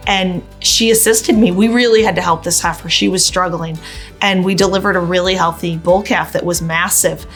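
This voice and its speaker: A woman's voice: fairly low pitch, steady tone, moderate pace, soft background music. A middle-aged woman farmer from upstate New York, telling a story in a documentary interview with heartfelt emotion. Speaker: farmer and mother.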